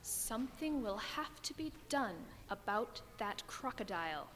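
A woman reading a children's story aloud, expressive and growing soft and low in the calm passages. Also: a little slow, heavy background noise. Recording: long reverb with music behind.

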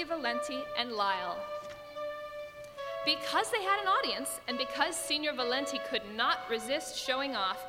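A woman reading a children's story aloud, expressive and growing soft and low in the calm passages. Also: normal speed. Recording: long reverb with music behind.

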